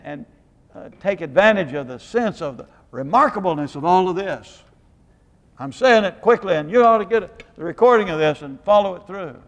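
A man's voice: high-pitched, gravelly, in a large hall. A man preaching a sermon in a rambling way, searching for words and quizzing his congregation. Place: church hall.

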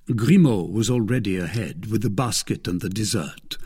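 A man narrating an audiobook in an expressive, animated reading. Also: fairly low pitch, normal speed, breathy edge.

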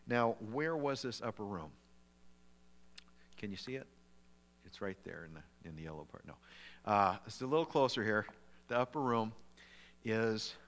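A middle-aged man preaching a sermon as pastor, in a conversational way with lively asides, often restarting his words. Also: medium pitch. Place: church sanctuary. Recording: long reverb of a large hall.

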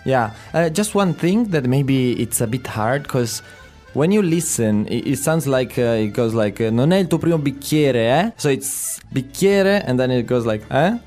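Italian man co-hosting, relaxed. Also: mid-range voice, moderate pace, faint music behind. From Italy. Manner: relaxed, chuckles, hesitant fillers. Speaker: native-speaker co-host.

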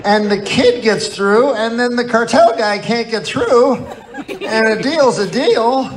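A man doing a stand-up comedy set, rambling and mock-earnest in a deadpan way, with sudden outbursts. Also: extremely high pitch, takes it slowly. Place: live comedy venue with laughing audience. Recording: live stage recording with crowd laughter and noise. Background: audience laughter.

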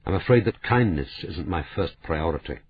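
A man voicing a calm, grave police commander who speaks in a measured way, as a narrator reading a novel aloud. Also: sits low, breathy edge, no room sound, full character voice. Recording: tinny phone-like sound.

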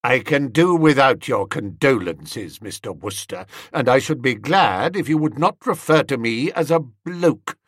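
A man voicing a pompous older gentleman of the house, stiff and formal, in an audiobook. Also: medium pitch, expressive, a little slow, hardly any pauses, slightly rough, no echo, studio quality. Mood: indignant. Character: older pompous magistrate-type gentleman, stern host. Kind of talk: audiobook character voice.

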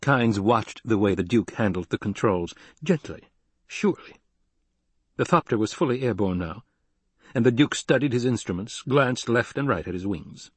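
A man narrating an audiobook in steady, even storytelling. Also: fairly low pitch, moderate pace, slightly rough, dry recording. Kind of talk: scripted narration.

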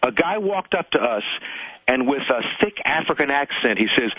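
A man's voice: medium pitch, moderate pace, no room sound, highs cut off. A man, a guest comedian, telling stories in a casual radio interview, often repeating words as he gets going. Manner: animated storyteller, repeats words when starting.

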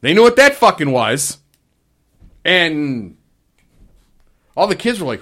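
A middle-aged man hosting a podcast, telling profane, animated stories and acting out the quotes in casual chat. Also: a little high, slow pace, pauses often. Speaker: podcast host.

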